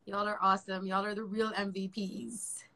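A woman's voice: medium pitch, level tone, normal speed, sharp tone. A woman hosting a casual livestream, prompting her guest with questions and thanking viewers. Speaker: livestream host.

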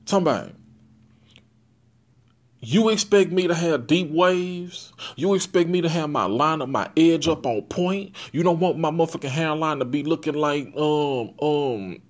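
A man's voice: fairly high pitch, measured pace. Blunt, profane young man hosting a podcast. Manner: blunt, profane, animated with catchphrases. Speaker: podcast host. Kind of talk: casual monologue to listeners.

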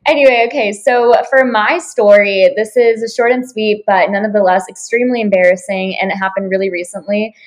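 A woman's voice: medium pitch, fairly even intonation, a little fast, few pauses, low-quality recording. A young woman in a casual chat telling a story, with many filler "like"s. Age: young adult. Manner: chatty, uses lots of "like".

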